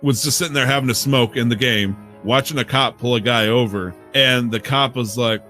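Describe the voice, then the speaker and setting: Man, podcast co-host, bright tense voice, casual rambling storytelling, swears a lot. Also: medium pitch, moderate pace, hardly any pauses, faint music behind. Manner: rambling, profane storytelling with laughs. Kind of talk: casual chat.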